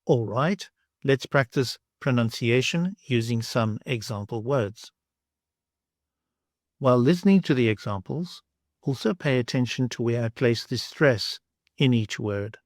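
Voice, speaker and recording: A man teaching pronunciation, saying each example word slowly and then repeating it, exaggerating the sounds for clarity. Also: medium pitch, lively intonation, dry recording, clean studio sound. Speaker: language teacher. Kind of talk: slow, deliberate pronunciation lesson.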